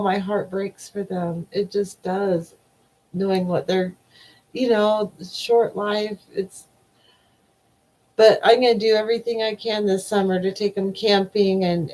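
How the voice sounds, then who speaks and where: A woman in her forties chats slowly on her live stream, reacting to viewer comments in a rambling, heartfelt way. She often trails off and repeats herself, taking her time between thoughts. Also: medium pitch, a little mellow, rough recording. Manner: rambling, emotional, trails off with repeated "I don't know". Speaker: livestream host.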